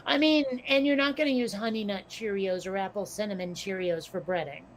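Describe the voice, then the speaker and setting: A woman chatting casually as a podcast co-host, slightly hoarse from losing her voice, musing and questioning herself as she talks. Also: medium pitch, brisk, a little hiss or hum. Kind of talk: casual chat.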